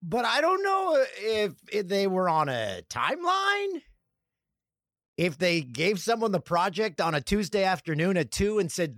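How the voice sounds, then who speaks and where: A man from Canada hosting a solo comedic podcast, talking in an animated, sarcastic way and slipping into mock voices. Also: high voice, measured pace, no room sound, clean studio sound. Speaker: podcast host.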